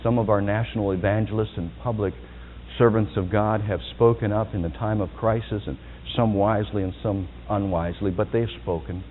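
Preaching pastor in an echoing hall. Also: male voice, fairly even intonation, a little fast, a little hiss or hum. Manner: dynamic preaching, swinging from soft and low to loud and high. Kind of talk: sermon. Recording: tinny phone-like sound in a reverberant hall.

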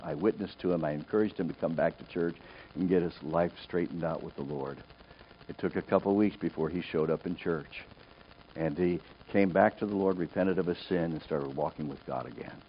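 A middle-aged male pastor preaching a sermon, telling a personal story and acting out the voices in it. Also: mid-range voice. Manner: animated storytelling, acts out quoted voices. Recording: dull lo-fi recording.

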